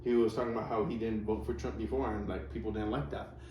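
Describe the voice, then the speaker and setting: A fast-talking man with a warm, lowish voice and fairly even intonation hosts a reaction video. He rambles casually over clips, adding sarcastic asides. The audio is roomy and distant, with faint noise.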